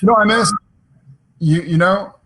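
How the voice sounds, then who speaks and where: A man on a virtual fan panel, telling stories from set in a lively way and openly moved. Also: sits high, moderate pace, noisy background. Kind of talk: casual panel chat. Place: home, on a video call.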